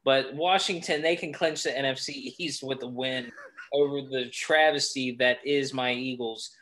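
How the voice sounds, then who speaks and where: A man with a bright, forceful tone talks football on a casual podcast. He rants in irritation, and his voice keeps rising as he pushes his point. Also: medium pitch, steady tone, normal speed. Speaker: podcast co-host. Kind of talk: casual sports chat.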